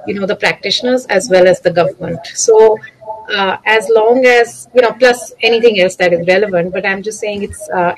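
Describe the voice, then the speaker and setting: A woman's voice: medium pitch, a little mellow, slight background noise, rough recording. A woman speaking as a panelist in an online discussion, thoughtful, with frequent fillers.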